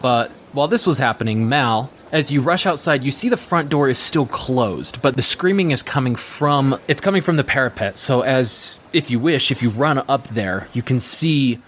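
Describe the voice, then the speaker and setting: A man narrating as the game master of a tabletop game, describing scenes in a relaxed way with frequent fillers. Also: mid-range voice, moderate pace, hardly any pauses, slight background noise.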